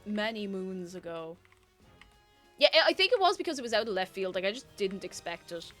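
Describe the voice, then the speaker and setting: A woman's voice: medium pitch, big pitch swings, a little fast, a bit bright, faint music behind. A woman streamer chatting casually with her viewers, rambling, giggling and poking fun at herself. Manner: rambling, giggly and self-mocking. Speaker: livestreamer. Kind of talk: casual chat reading viewer messages.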